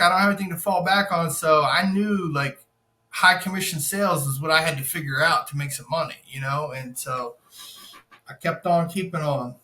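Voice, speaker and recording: A young man with a high, bright voice tells a story on a podcast. He swears a lot, acts out each character, and sounds animated. The room is echoey. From Florida. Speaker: podcast guest, insurance salesman. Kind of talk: casual storytelling.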